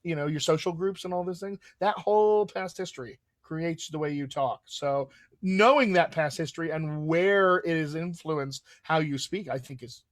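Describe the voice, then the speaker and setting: A man's voice: fairly high pitch, normal speed, no echo. A man with a General American accent, hosting a live question-and-answer chat as a dialect coach, enthusiastic and full of restarts.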